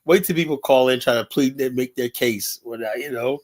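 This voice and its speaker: A man's voice: medium pitch, a little fast, hardly any pauses. A man hosting his own show, mocking clips in casual commentary, laughing often and tagging lines with filler words. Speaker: show host.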